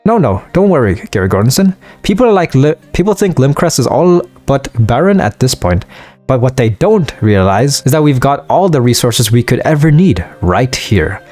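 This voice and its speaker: A man's voice: medium pitch, sing-song, moderate pace, a little mellow, faint music behind. A man doing a jovial Scottish dwarf miner. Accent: put-on Scottish. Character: gruff middle-aged male dwarf miner, jovial.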